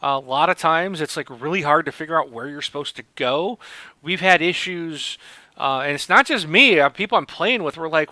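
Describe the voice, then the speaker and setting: A man's voice: a little high, expressive, normal speed, bright, forceful tone, no room sound. A man hosting a casual podcast about video games, rambling with many fillers and restarts. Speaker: podcast host.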